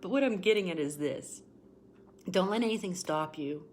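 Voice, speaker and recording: A woman's voice: lowish voice, animated, normal speed, darkish tone, slight background noise. A woman in her forties giving an emotional, repetitive tarot reading on a livestream, greeting viewers by name as she talks. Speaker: tarot reader.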